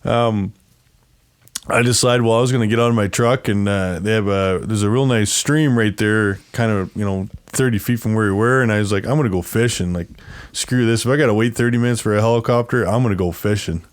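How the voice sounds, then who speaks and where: As an interview guest, a man casually tells a long, rambling story, acting out what others said and laughing often. His voice is fairly low and smooth, and he talks a little fast.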